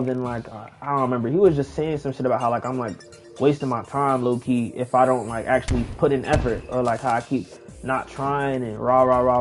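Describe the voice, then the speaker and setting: A young man casually telling a long personal story while playing a game, slangy and animated, acting out the people he quotes. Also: mid-range voice. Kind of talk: casual storytime over gameplay.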